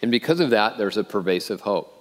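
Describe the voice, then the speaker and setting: A man's voice: lowish voice, lively intonation, quick pace. A middle-aged man preaching a sermon as pastor, earnest and often repeating words as he starts a phrase. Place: church auditorium. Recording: long reverb of a church hall.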